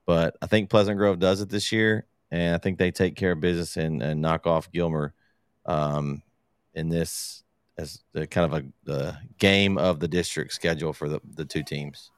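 Man, very low voice, dry close sound, laid-back football picks. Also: normal speed, clear, resonant tone, no room sound. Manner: relaxed, hesitant with fillers. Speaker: podcast co-host. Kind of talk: casual sports chat.

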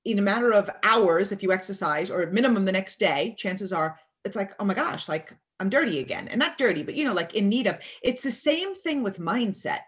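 Speaking a little fast with few pauses, this interview guest has an expressive, medium-pitched voice. She talks with emphasis about mindset in a motivational setting, voicing what people think as if quoting them.

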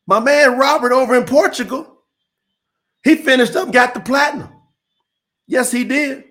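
Fervent high-voiced preacher man. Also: moderate pace, pushed and bright. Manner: fervent, repetitive, call-and-response preaching. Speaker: preacher and livestream host. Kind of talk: livestreamed sermon.

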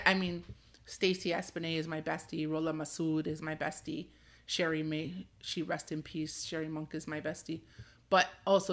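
A woman's voice: on the low side, sharp tone. A woman from Canada, probably in her thirties, hosting her own podcast in a candid, rambling way, laughing often and filling with "like". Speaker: podcast host. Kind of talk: casual solo podcast talk.

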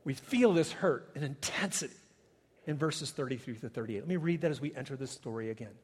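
A man preaching a sermon as a pastor, swinging between loud emphatic peaks and hushed, quiet passages. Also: mid-range voice, animated, a little fast, husky, in a large hall. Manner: dynamic preaching, swelling loud then dropping soft.

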